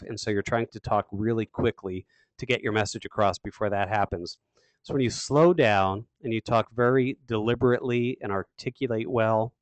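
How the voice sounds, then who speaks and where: A man giving a sales training webinar, talking quickly and with emphatic energy. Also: medium pitch, no echo. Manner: fast, emphatic, energetic delivery. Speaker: sales coach.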